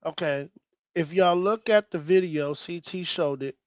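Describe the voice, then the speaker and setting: A man on a rowdy panel pushes to finish his argument. His voice sits high. It is recorded dry and close. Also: a little slow, no room sound. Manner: insistent, keeps asking to finish. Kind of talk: heated panel debate.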